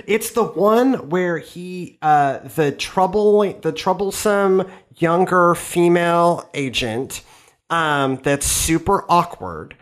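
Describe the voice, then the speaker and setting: Male pastor-host with a highish voice, casual and self-deprecating, loose and chatty. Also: slow pace. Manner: self-deprecating, rambling with restarts and asides. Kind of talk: casual podcast conversation.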